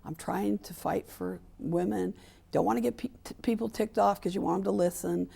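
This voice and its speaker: In a candid interview, a seventy-something advocate for equality in sports speaks with vocal fry at medium pitch and a moderate pace, her tone warm and slightly rough. She is emphatic, acts out quoted lines, and repeats herself for emphasis.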